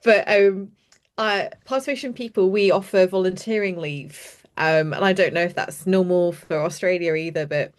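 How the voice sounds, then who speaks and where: A woman's voice: on the low side, moderate pace. A woman, a youth participation practitioner, telling stories chattily and enthusiastically on a video call. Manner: enthusiastic, chatty, trails off and restarts often. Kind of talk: animated storytelling in an online panel.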